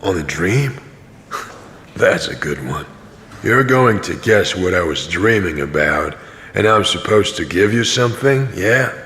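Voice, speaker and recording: A man's voice: sits low, expressive, fairly bright tone, a little hiss or hum. A man narrating an audio drama as a tired, cynical wandering pilgrim. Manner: dry, tired, slow narration. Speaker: narrator and main character.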